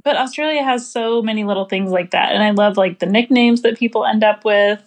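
A woman's voice: medium pitch, brisk. An American woman co-hosting a casual podcast. She talks loosely and chattily, filling her sentences with "like" and laughing often. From United States. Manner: chatty, lots of "like" fillers, laughs easily. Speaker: podcast co-host. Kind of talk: casual chat.

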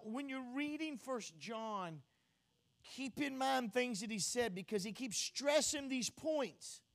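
A high-pitched man preaching an expository sermon. He drops into soft, quick asides while explaining, then climbs into loud, emphatic repetitions of his key phrases. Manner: swings between loud emphatic peaks and quiet teaching asides.

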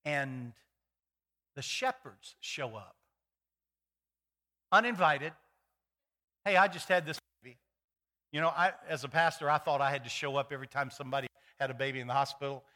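A man's voice: mid-range voice, moderate pace, pauses often. A middle-aged male pastor preaching a sermon in a folksy, storytelling way, acting out the people in his stories. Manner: animated, acts out voices in his stories; folksy, many fillers and restarts.

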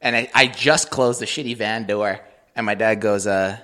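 A man's voice: on the low side, normal speed. A man co-hosting a casual podcast, telling stories with lots of swearing and acting out the people he quotes. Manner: animated, swears often, acts out quoted people. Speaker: podcast co-host. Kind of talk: casual chat, storytelling.

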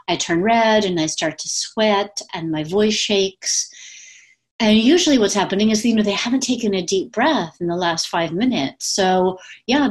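A woman speaking coach talking casually to her camera at home, with lots of fillers and quick demonstrations of different voices. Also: mid-range voice. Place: at home with pets. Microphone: webcam.

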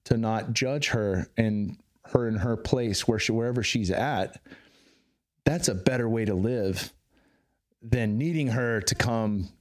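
A man in his thirties talking candidly as a podcast guest, swearing freely and getting animated. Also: fairly low pitch, measured pace. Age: 30s. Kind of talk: casual interview conversation.

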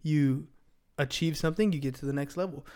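A man's voice: on the high side, a little fast, darkish tone, clear, resonant tone. A man in his thirties hosting a business podcast, talking energetically and motivationally, often tagging lines with "right?". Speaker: podcast host and sales coach. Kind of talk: casual podcast chat.

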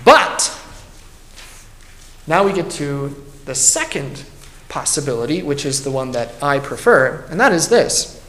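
Earnest pastor in a roomy hall. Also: male voice, a little high, a bit bright. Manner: earnest, emphatic, thinking aloud with restarts. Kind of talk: Bible study teaching. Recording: roomy echo.

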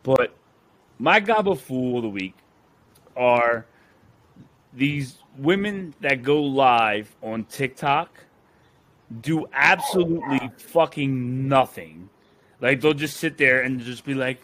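A man's voice: medium pitch, takes it slowly, pauses often, a bit bright, slight background noise. A young man co-hosting a podcast, ranting in a heated, profane way. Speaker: podcast co-host. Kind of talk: casual podcast rant.

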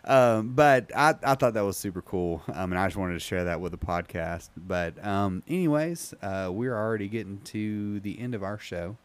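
A man hosting a casual podcast, rambling with many ums and reading an article aloud haltingly. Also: lowish voice, animated, clean tone. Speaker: podcast host.

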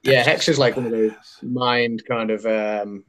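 Man, casual podcast co-host, chatty, laughing storyteller, mid pitch. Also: a little slow. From England. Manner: chatty storyteller, laughs often, lively when telling anecdotes. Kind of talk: casual chat.

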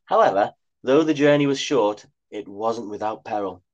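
A man's voice: medium pitch, moderate pace, a little mellow, lo-fi sound. A man reading his own comic story aloud with dry, wry asides. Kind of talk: comic scripted narration.

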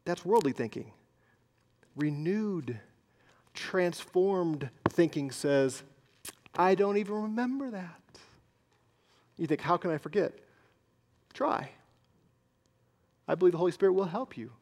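A man preaching a sermon as pastor, swinging between loud emphasis and hushed, near-whispered asides. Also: high voice, animated, unhurried, pauses often.

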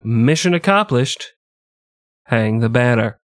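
A man's voice: mid-range voice, expressive, slow. A man in his thirties hosting a podcast, narrating history in an irreverent, profane, joking way and laughing often. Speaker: podcast host.

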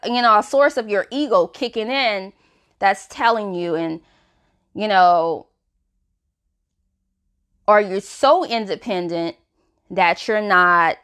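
A woman's voice: mid-range voice, fairly bright tone. Woman, podcast host, frank casual self-help talk, chatty, filler-heavy. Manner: chatty, frank, many "you know" fillers.

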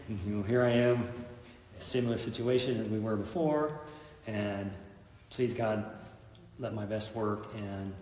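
A middle-aged man with a fairly low voice tells an intense story in an interview and acts out the lines people spoke. He is recorded from a distance in a room with a long, echoing reverb. A faint noise sits behind him. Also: a little mellow. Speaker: police officer, guest.

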